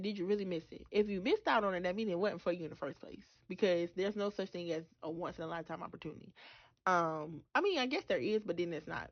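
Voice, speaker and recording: A woman's voice: medium pitch, dry recording, dull audio. A woman hosting a faith podcast, speaking emphatically and calling her listeners "baby" and "y'all". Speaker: podcast host.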